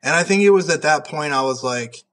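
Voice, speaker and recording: Young male powerlifter, raised pitch, casual profane podcast talk, lots of fillers. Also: a little fast, a bit bright. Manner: profane, rambling, heavy use of "like". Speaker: podcast guest, powerlifter and referee.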